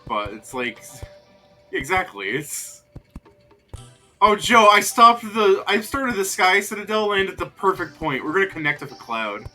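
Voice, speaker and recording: A man chatting casually while streaming a video game, jokey and excitable, laughing often. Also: sits high, measured pace, faint music behind. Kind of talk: casual gameplay chat.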